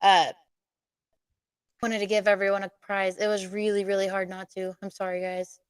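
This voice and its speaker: A woman co-hosting a live podcast, chatting casually with quick laughs and self-deprecating asides. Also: medium pitch, flat delivery, clear, resonant tone, no echo. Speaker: podcast co-host.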